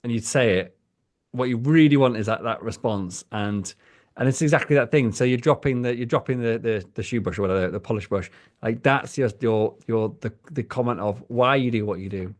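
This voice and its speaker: A man's voice: medium pitch, brisk. Man hosting a podcast, thinking aloud. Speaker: podcast host. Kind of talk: casual interview chat.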